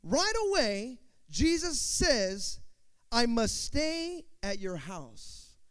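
High-voiced man preaching with swings. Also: very animated, drawn-out words, smooth. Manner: dynamic preaching, swinging from quiet to shouting; acts out quoted voices with call and response. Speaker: pastor. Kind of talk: sermon.

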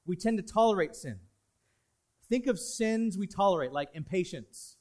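A man with a notably high voice preaches from the pulpit. His delivery is dynamic, leaning in hard on key lines and then falling to a soft, confiding hush. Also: animated, normal speed. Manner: dynamic preaching, swinging between loud emphasis and hushed asides. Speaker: pastor. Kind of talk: sermon.

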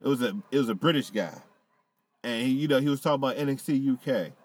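A man's voice: medium pitch, fast talker, no echo. A man chatting casually on a podcast, swearing freely and often laughing. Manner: animated, profane, laughs often. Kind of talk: casual chat.

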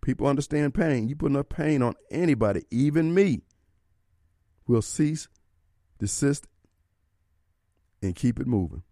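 A man's voice: medium pitch, expressive, unhurried, pauses often, mellow, dry recording, studio quality. Fiery talk radio host, man. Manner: preachy, fiery, rhetorical questions. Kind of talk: opinionated talk radio monologue. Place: radio studio. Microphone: studio microphone.

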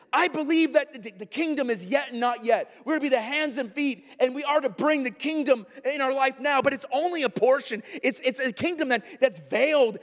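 A male pastor preaching a sermon, animated, with frequent rhetorical questions to the congregation. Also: extremely high pitch, brisk, hardly any pauses, big-room sound.

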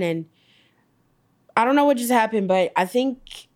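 A young adult woman, slowly recounting a personal loss as an interview guest, halting with many fillers. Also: fairly high pitch, expressive, a little mellow.

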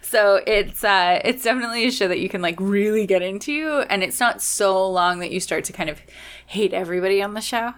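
A woman's voice: mid-range voice, brisk, clear, resonant tone. A young adult woman co-hosting a podcast in casual, upbeat chat, laughing often. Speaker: podcast co-host.

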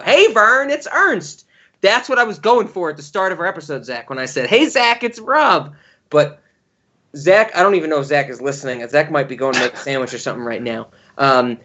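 A man's voice: on the high side, fairly bright tone, muffled recording. A man co-hosting a podcast, giving long-winded, rambling explanations in casual chat. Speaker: podcast co-host.

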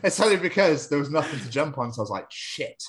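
A man's voice: on the high side, very animated, very fast, a little hiss or hum. A man co-hosting a podcast in casual chat, joking and swearing freely and laughing often. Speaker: podcast co-host.

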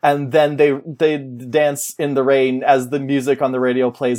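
A man's voice: medium pitch, little pitch movement, moderate pace, a little mellow. A man in casual chat, animatedly retelling a movie's plot and acting out the characters' lines. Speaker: podcast co-host.

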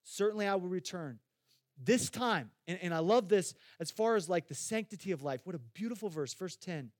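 A man's voice: sits high, expressive, a little fast, dry recording, clean studio sound. A man preaching a sermon as a pastor, talking conversationally, putting questions straight to his listeners and repeating phrases for emphasis.

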